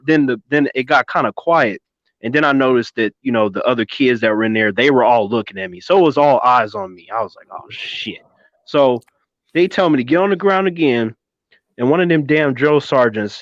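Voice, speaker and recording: Brief: man in his thirties, cusses, spins a lively story, dull dry lo-fi sound. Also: medium pitch, no room sound. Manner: animated, swearing, keeps addressing his co-host by name. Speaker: podcast co-host. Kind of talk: casual storytelling chat.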